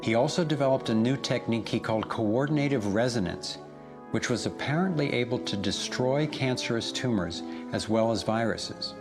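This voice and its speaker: A man giving scripted documentary narration in an earnest, measured way. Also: medium pitch. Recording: voice-over with loud music underneath.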